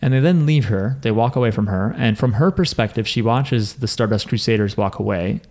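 A man's voice: on the low side, brisk, darkish tone. A young man hosting a podcast, recapping an anime in casual, joking chat and swearing freely. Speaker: podcast host.

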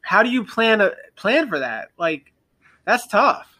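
An easygoing podcast co-host in loose, casual chat. The voice sits at an ordinary pitch and keeps asking relaxed follow-up questions. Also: unhurried.

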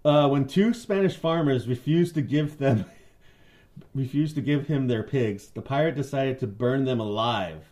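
A man's voice: medium pitch, a little slow, mellow. A man co-hosting a casual podcast, telling stories with lots of swearing, laughs and silly put-on voices. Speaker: podcast co-host. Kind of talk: casual chat.

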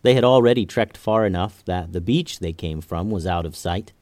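A man hosting a children's podcast, narrating a story in a gentle, expressive way. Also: deep voice, moderate pace, dry recording.

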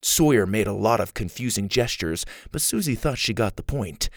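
Gravelly man narrating a children's story. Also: fairly low pitch, normal speed, no echo, clean studio sound. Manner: lively storytelling.

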